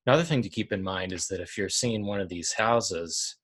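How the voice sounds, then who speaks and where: Deep husky voice, dry sarcastic asides. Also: brisk. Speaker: co-host. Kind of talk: casual chat.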